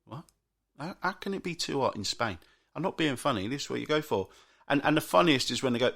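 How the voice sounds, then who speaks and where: A man's voice: mid-range voice, sing-song, fast talker, vocal fry, a bit bright. A British man hosting a solo podcast, chatting and ranting about everyday moans. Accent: British English. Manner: chatty ranting, mocks moaners in put-on voices. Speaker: podcast host.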